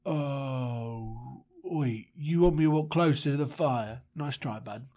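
A podcaster voicing a laid-back, slangy young man in a low mumbled drawl. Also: slow, warm tone. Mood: suspicious.

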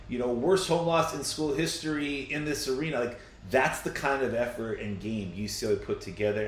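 A man co-hosting a casual sports podcast, riffing in a jokey, excitable way. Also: medium pitch, roomy sound.

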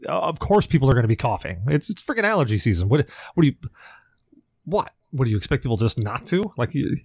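A man's voice: mid-range voice, sing-song, quick pace, gravelly, a little mellow, husky, no echo, studio quality. A man co-hosting a podcast in casual chat, rambling and joking with plenty of swearing. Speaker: podcast co-host.

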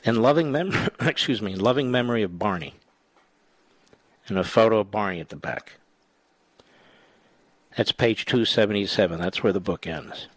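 An older man hosting a political talk radio show, sarcastic and combative, with jumpy rises in pitch. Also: moderate pace, long pauses, no echo.

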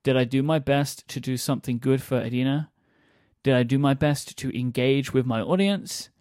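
A man's voice: medium pitch, normal speed, a little mellow, dry recording, clean studio sound. A man co-hosting a podcast who explains his views earnestly and laughs easily while discussing a book. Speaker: podcast co-host.

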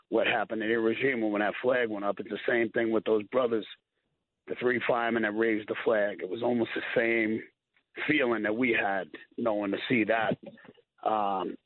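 A firefighter, calling in and telling stories earnestly, getting choked up and repeating himself. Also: male voice, on the low side, no room sound. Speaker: firefighter guest. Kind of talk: emotional call-in storytelling. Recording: tinny phone line.

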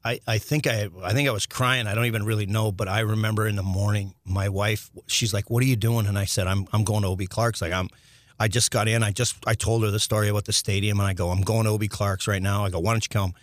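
A middle-aged man, a former hockey player, telling stories as a podcast guest in a rambling, animated way with restarts and some swearing. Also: on the low side, fast, no room sound. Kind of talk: casual storytelling interview.

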